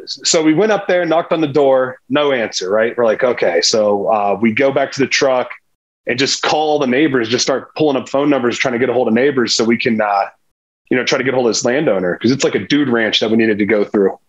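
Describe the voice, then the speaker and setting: Husky-voiced man telling a lively story. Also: mid-range voice, a little fast, muffled recording. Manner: animated, tells a hunting story with lively quoted dialogue. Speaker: guest, former pro football player. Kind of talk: casual storytelling interview.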